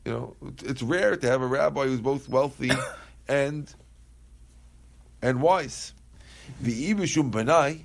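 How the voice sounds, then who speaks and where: Man teaching Talmud in a casual way. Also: medium pitch. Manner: conversational, questions the text aloud, answers students. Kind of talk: Talmud class, mixing Aramaic and English.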